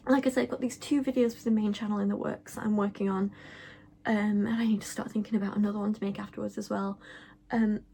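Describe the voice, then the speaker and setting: A young woman talks casually to her viewers, rambling and full of fillers. Her voice sits a little high and slides into a gravelly fry, with a faint hum of room ambience behind her. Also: a little mellow. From England. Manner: chatty, rambling, lots of fillers and "like". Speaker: vlogger. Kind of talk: casual chat to camera.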